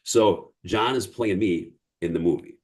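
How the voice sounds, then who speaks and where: Low-voiced man with a Chicago accent, lively storyteller, guest on a casual interview. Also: measured pace. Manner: animated storyteller who acts out others' words.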